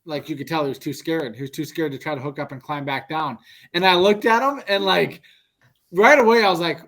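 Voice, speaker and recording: A young man telling a story to friends on a podcast, his voice sitting a little high. He gets loud and punchy whenever he acts out what people said. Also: a little fast. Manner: animated, acts out quotes in a raised voice. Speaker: podcast co-host. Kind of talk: casual storytelling among friends.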